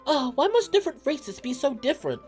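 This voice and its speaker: A man voicing a small fluffy male tavern guest who is touchy and boastful, with shrill indignant outbursts in a game playthrough. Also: very animated, a little fast, soft background music. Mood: huffy.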